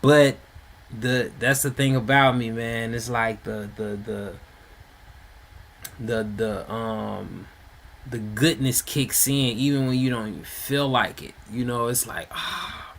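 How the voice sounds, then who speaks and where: A man's voice: mid-range voice, steady tone, slow pace, creaky, fairly bright tone, slight background noise. A man telling a street story in a loose, rambling way, full of slang and fillers. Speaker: storyteller host. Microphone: home mic.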